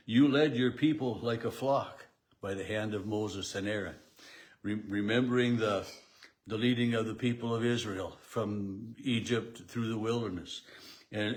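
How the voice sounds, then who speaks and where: Man, pastor, daily devotional, halting delivery, mid-pitched voice, lots of restarts. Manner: halting, many restarts and fillers. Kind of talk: daily devotional Bible talk. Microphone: camera at home setup.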